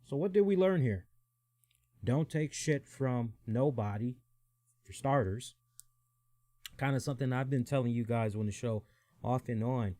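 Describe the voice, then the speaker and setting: A man's voice: mid-range voice, unhurried, pauses often, mellow, no echo, clean studio sound. A man hosting a wrestling podcast, talking loosely in a casual chat and repeating his phrases. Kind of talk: casual chat and reading a quote aloud.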